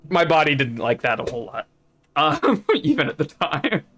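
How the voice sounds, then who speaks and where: A man's voice: fairly high pitch, very animated, normal speed, a bit bright. A man chatting casually as he live-streams a video game, thinking aloud and laughing often.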